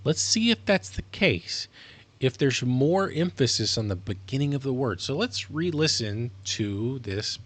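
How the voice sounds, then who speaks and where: A man's voice: mid-range voice, very animated, a little slow, fairly bright tone. A man streaming live, talking casually in a rambling, self-correcting way as he explains things. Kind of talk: casual livestream monologue.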